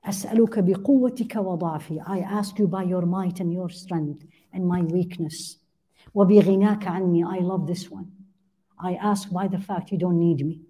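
A woman's voice: lowish voice, fairly quick, warm tone, slightly rough. A woman giving a religious lesson, translating Arabic supplications line by line and putting questions to her listeners. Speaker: religious teacher.

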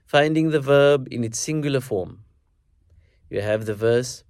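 A man teaching a recitation lesson, explaining stress in measured, deliberate phrases and slowing down to demonstrate words. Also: mid-range voice, darkish tone, no echo, studio quality. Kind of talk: instructional lesson with recited verses.

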